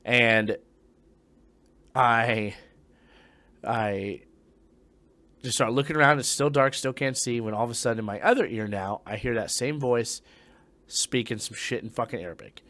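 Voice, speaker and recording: A young ex-Marine recounts a ghost story in a loose, profane way, alternating between quiet, hushed moments and sudden loud outbursts, all in a medium-pitched voice.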